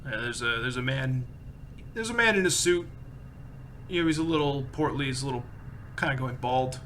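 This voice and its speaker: A man's voice: medium pitch, animated, moderate pace, a bit bright, a little hiss or hum. A man running a tabletop game as game master, narrating in a loose, casual, descriptive way.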